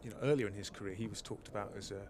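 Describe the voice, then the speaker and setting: A man's voice: on the low side, fairly even intonation, background noise. Analytical male cricket co-commentator. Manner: analytical, measured, fills with um. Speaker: expert co-commentator.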